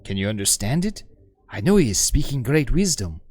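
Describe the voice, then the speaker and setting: A man's voice: mid-range voice, very animated, brisk, darkish tone, slightly rough, pitched below the performer's own voice. A man voicing an earnest woman who pleads and reasons, as a dramatic reading of game dialogue. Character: earnest young woman seeking wisdom.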